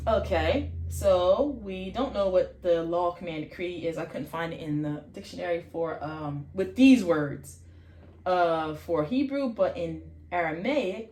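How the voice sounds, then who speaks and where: Slow, echoey woman teaching pronunciation. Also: on the low side. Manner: slow, repeats sounds many times, self-correcting. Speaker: faith channel host teaching vocabulary. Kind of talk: informal language lesson.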